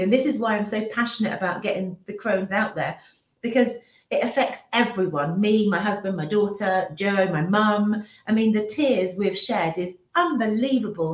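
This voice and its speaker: A woman in her fifties giving a candid, emotional personal account in an interview, often restarting her sentences and acting out what others said. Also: mid-range voice. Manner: emotional, restarts sentences, acts out remembered speech. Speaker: business owner and mother, interview guest. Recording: roomy echo.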